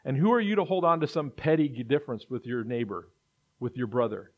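A man's voice: mid-range voice, brisk. A man preaching a sermon in an earnest way, building to emphatic repetition. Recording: dull lo-fi recording.

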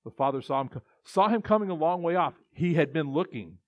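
A man's voice: on the high side, animated, brisk, dry recording. Man preaching a casual sermon. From Texas. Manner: conversational preaching with many restarts and acted-out quotes. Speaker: pastor. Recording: dull, muffled dry sound.

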